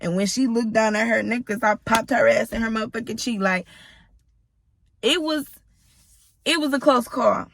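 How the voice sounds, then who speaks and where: A woman's voice: fairly high pitch, normal speed, vocal fry, pauses often. A woman in her thirties telling a personal story to her viewers in a blunt, profane, casual way, often turning to address them directly. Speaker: storytime vlogger.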